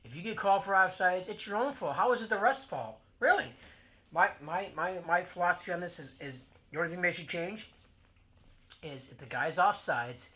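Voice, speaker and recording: A man's voice: sits high, lively intonation, a little fast, sharp tone. A man hosting a football talk show, ranting bluntly with lots of fillers and swearing. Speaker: sports podcast host. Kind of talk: casual sports rant.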